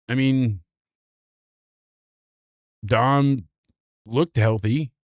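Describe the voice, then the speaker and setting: A man recapping a wrestling show in a casual, animated, sarcastic way, swearing freely. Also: medium pitch, clean tone, no room sound, clean studio sound.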